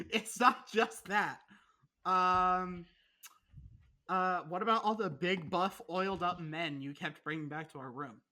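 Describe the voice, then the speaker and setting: A woman's voice: lowish voice, a little slow, pushed and bright. A young woman co-hosting a podcast in casual chat, teasing her roommate with sarcastic, profane jabs. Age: young adult. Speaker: podcast co-host.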